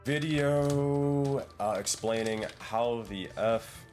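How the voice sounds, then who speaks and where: A man's voice: mid-range voice, very slow, darkish tone, soft background music. A man leading a community project, chatting casually in an online meeting and thinking aloud with lots of fillers. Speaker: community project lead and dungeon master. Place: online voice call.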